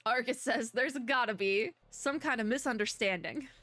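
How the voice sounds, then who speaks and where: A woman chatting through a story game for her channel, reading the text and tossing in quick asides. Her voice is bright and forward, recorded close with a dry, roomless sound. She keeps a casual, talkative tone. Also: fairly high pitch, no echo. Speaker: gaming content creator. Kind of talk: casual let's-play commentary.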